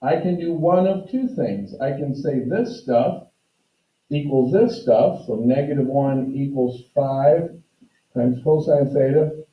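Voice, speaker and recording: A man's voice: mid-range voice, takes it slowly. A male math teacher giving a classroom lecture, explaining step by step and talking directly to his students. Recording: roomy, distant, dull classroom audio.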